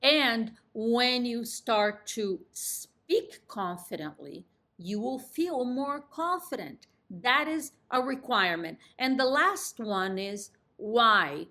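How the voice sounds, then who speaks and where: A woman coaching real estate agents in an emphatic, confident talk that drops in pitch at the end of each sentence. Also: lively intonation, slow, sharp tone. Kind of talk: instructional talk to camera.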